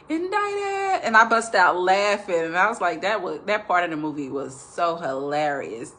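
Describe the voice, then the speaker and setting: A woman with a slightly low voice that still comes across bright and forceful. She talks to her viewers in a chatty, rambling way, sharing a faith testimony. Her tone turns earnest when she speaks of revelations. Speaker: Christian devotional speaker.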